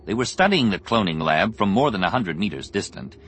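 Deep-voiced man narrating an audiobook. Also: slight background noise. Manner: expressive, measured storytelling. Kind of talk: scripted narration. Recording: music playing underneath.

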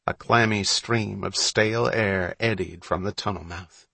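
A man narrating an audiobook story in a steady, measured way. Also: lowish voice, creaky, dry recording. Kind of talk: scripted narration.

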